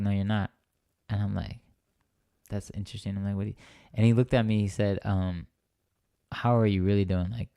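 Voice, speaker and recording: Speaking as a guest in an interview, a young man tells his personal faith story in conversational testimony, earnest and rambling, restarting often and checking in with "right?". His lowish voice is mellow, clear and resonant, in a dry, studio-quality recording.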